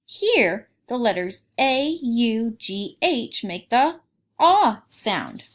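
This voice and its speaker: A woman teaching young children a phonics lesson, reading aloud and sounding out words clearly. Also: on the high side, big pitch swings, slow pace.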